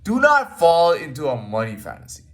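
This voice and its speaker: A man's voice: a little high, huge pitch swings, moderate pace, fairly bright tone. A man talking casually in a rambling monologue, full of fillers and restarts, blunt and swearing freely. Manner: rambling, repeats himself, frequent fillers and "man". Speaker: podcast host.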